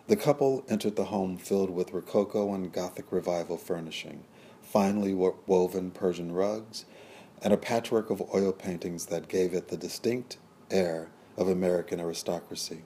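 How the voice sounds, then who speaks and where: A man with a very low, dark, mellow voice reads a period novel aloud. His narration is measured and descriptive, with a steady storytelling manner. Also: slight background noise. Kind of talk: scripted audiobook narration.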